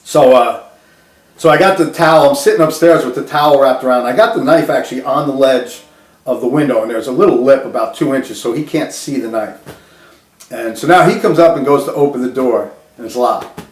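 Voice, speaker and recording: A man's voice: medium pitch, fairly quick, reverberant. A man casually telling a personal story, laughing often and restarting his sentences.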